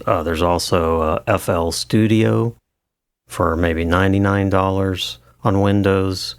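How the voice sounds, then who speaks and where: A man with a low voice explains audio editing in a relaxed tutorial, with many fillers and restarts. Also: no echo, studio quality. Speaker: audio engineer teaching. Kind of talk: screen-recorded tutorial.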